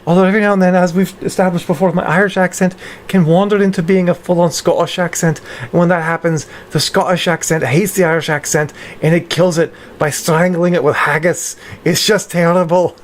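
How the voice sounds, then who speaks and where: A woman's voice: on the low side, steady tone, brisk, a little hiss or hum. A woman hosting a casual live stream, chatting with her viewers, often stopping herself mid-sentence while she works on her voice. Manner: self-interrupting, reads chat aloud; practicing voice exercises. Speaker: livestream host.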